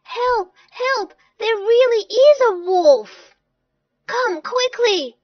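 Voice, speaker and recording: A woman voicing a bored, lonely young shepherd boy who turns shrill and cheeky when he cries for help. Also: sing-song, very slow, no echo, full character voice. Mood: alarmed. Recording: dull lo-fi dry recording.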